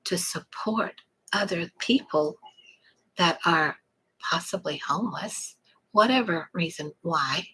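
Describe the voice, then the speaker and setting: A middle-aged woman from South Texas with a Texan accent, chatting casually on a live stream, greeting viewers and pitching a webinar in a folksy way. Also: slow, sharp tone, husky, low-quality recording. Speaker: online marketing promoter.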